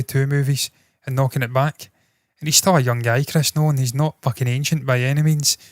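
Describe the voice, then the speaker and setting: A man's voice: medium pitch, no echo, studio quality. A man hosting an entertainment news show, giving casual, opinionated commentary. He swears freely and thinks aloud, correcting himself as he goes.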